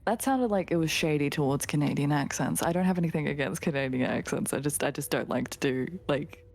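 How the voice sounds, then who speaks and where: A tired woman streamer chatting casually with viewers, laughing often and slipping into soft whispers. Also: low-pitched, a little fast, gravelly. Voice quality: tired, giggly. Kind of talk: casual chat reading viewer comments.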